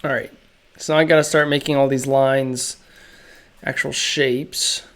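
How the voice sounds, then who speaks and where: A man streaming live as he draws, chatting casually in slow, musing, self-critical asides, his throat feeling a little off. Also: mid-range voice, level tone, a bit bright, clear, resonant tone. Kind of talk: casual live-stream chat while drawing.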